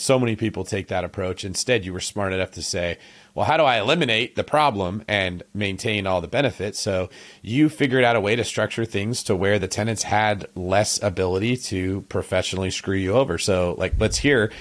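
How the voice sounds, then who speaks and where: A male podcast host with a notably low voice, talking in a relaxed, conversational way. He sums up and stresses his guest's ideas with clear approval. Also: fairly quick. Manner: emphatic, recaps and praises the guest's points. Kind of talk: interview conversation.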